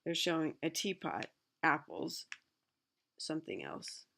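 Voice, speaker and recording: A woman's voice: sits low, big pitch swings, a little slow, vocal fry, a bit bright, slight background noise. A middle-aged woman reading a children's picture book aloud, stopping often for chatty asides of her own. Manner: chatty asides between read passages. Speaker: reader.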